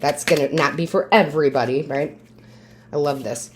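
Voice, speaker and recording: A woman with a low voice giving a monthly tarot reading. She coaches her listeners emphatically and keeps checking in with "right?". Now and then she drops into quiet asides, asking the cards for their message. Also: normal speed, background noise. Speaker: tarot reader and medium.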